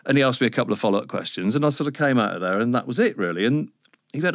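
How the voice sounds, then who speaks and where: A man's voice: medium pitch, sing-song, fast, no echo, studio quality. A middle-aged man, telling a rambling, self-mocking story in a casual interview. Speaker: radio presenter guest.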